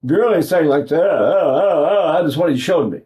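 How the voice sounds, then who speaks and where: A man's voice: a little high, expressive, fairly quick, mellow. An older man from East Texas, teaching singing in a rambling, folksy way with many restarts. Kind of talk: singing lesson with sung demonstrations.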